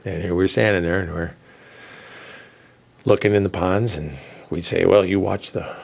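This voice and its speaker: A man's voice: low-pitched, fairly even intonation, moderate pace, creaky. A middle-aged man hosting a radio show, telling a long rambling story in a casual way and laughing as he goes. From southern United States. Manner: rambling, laughs through his own story.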